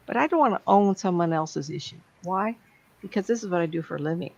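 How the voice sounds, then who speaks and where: Blunt gravelly woman, lo-fi sound. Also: lowish voice, expressive, fast, a little mellow. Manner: blunt and plain-spoken. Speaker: psychic medium speaker. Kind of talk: talk to an online audience. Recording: dull lo-fi sound.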